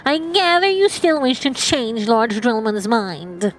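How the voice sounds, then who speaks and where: A woman with a cold, reading out the lines of a gruff male quartermaster from a game at an uneven pace. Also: fairly high pitch, takes it slowly, poor audio. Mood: matter-of-fact. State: has a cold. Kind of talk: reading game dialogue aloud. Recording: faint game music behind.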